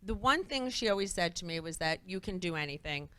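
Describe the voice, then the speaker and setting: A woman guest in a talk-show interview before a live audience, telling stories with lively energy and acting out the dialogue. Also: fairly low pitch, brisk, smooth. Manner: animated, acts out quoted dialogue.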